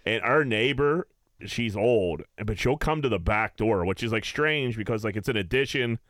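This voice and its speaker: A man's voice: fairly low pitch, expressive, normal speed, fairly bright tone, no echo, clean studio sound. A man co-hosting a casual podcast, telling crude stories with lots of animation. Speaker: podcast co-host.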